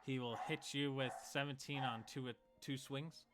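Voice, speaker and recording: A man's voice: mid-range voice, steady tone, moderate pace, over music. A man narrating as game master of a tabletop game, in a casual way with fillers.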